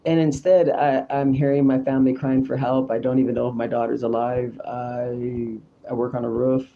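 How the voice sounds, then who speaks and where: A man's voice: mid-range voice, flat delivery, normal speed, creaky, dull audio. A man hosting his own show in a rambling, repetitive, confessional monologue. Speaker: show host.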